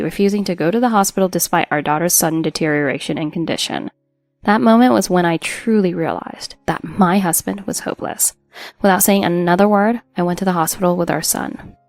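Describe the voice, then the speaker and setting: A woman's voice: fairly low pitch, no room sound. A woman reading a first-person drama story as narrator, in an earnest, emotional storytelling manner.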